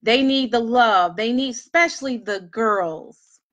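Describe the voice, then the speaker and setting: A woman's voice: fairly high pitch, measured pace, a bit bright. Earnest emphatic woman, emotional speaker. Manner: earnest, emphatic, repeats key phrases. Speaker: speaker addressing single mothers. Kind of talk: motivational talk to an audience.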